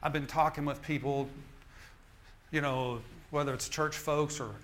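A man's voice: a little high, fairly even intonation, unhurried. A male minister preaching a sermon in an emphatic, repetitive style, often restarting his phrases.

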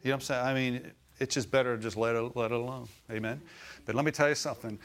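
A man's voice: mid-range voice, fairly even intonation, fast talker, a bit bright. A middle-aged man preaching a sermon, telling stories and swelling into emphatic exclamations. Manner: storytelling, rising to emphatic exclamations.

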